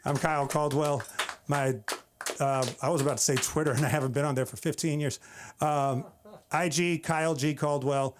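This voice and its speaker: A man's voice: a little high, steady tone, normal speed, a little hiss or hum. A man from the Bay Area, doing a wry, exasperated open-mic stand-up set on a comedy club stage. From San Francisco Bay Area. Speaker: stand-up comic.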